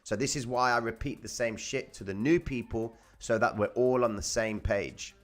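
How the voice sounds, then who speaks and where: A man's voice: medium pitch, normal speed. A man hosting a trading live stream, teaching viewers in a casual, blunt way, swearing freely and repeating his points to the chat.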